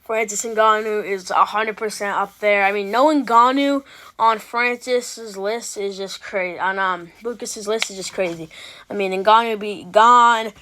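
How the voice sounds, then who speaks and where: A woman's voice: medium pitch, fairly even intonation, measured pace, pushed and bright. A woman hosting an MMA reaction video, talking in a loose, rambling way with restarts and casual swearing.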